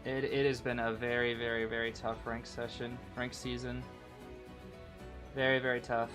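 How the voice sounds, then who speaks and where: A man streaming a casual gameplay recap who is excitable, repeats his words and keeps calling his listeners bro. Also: medium pitch, moderate pace, music in the background. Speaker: game streamer.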